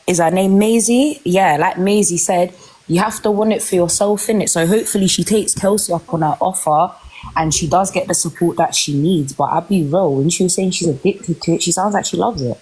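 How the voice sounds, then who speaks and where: A woman, sharing her opinions in a measured way in a casual chat. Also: on the low side, darkish tone, slightly rough, low-quality recording.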